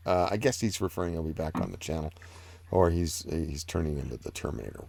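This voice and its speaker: A bass-voiced man, expressive and fast-talking with a gravelly, darkish tone, hosts a casual live stream. He reads viewers' comments and rambles about them with many fillers and restarts, in a dry recording.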